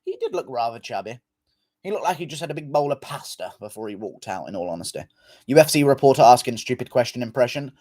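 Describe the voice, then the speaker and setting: A man's voice: medium pitch, expressive, fast talker, darkish tone, dry recording. A man hosting a casual livestream, reading viewer comments in a loose, offhand manner and swearing freely. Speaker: livestream host.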